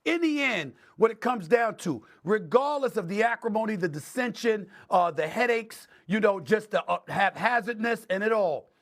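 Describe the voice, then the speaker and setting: A man's voice: high-pitched, animated, normal speed, few pauses, fairly bright tone. A middle-aged man hosting a sports debate show, arguing emphatically and stacking points into lists for effect.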